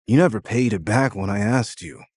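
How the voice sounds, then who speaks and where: A man voicing a sad, let-down male friend who speaks quietly and reproachfully in an audio drama. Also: on the low side, animated, moderate pace, breathy edge, no room sound, studio quality.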